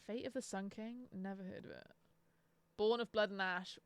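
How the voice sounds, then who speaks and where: A woman's voice: mid-range voice, steady tone, moderate pace, smooth, dry recording. A young woman chatting casually on a live stream, sarcastic and swearing freely. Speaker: book streamer.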